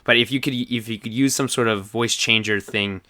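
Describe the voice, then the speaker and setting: A man's voice: medium pitch, steady tone, normal speed, bright, forceful tone. A man co-hosting a podcast in casual chat, rambling, laughing often and trailing off mid-sentence. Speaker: podcast co-host.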